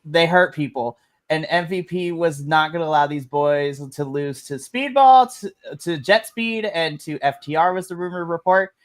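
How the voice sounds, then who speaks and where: Laughing podcast host recapping news. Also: male voice, a little high, moderate pace. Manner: recaps news with laughs and fillers, hands turns to others. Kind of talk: casual wrestling podcast chat. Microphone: remote stream mic.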